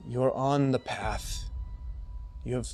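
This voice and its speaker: This is a wise old female tiger spirit from a fantasy tabletop campaign, put on by a man narrating the game. She speaks slowly in a low, hushed and solemn voice. Faint music plays underneath. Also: steady tone. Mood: gentle reassurance.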